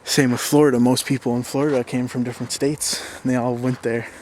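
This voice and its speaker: A young man with a Minnesotan accent, talking casually to his viewers in a relaxed, rambling way with plenty of fillers. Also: mid-range voice, fast talker, slight background noise. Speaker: YouTuber. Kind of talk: casual talk to camera.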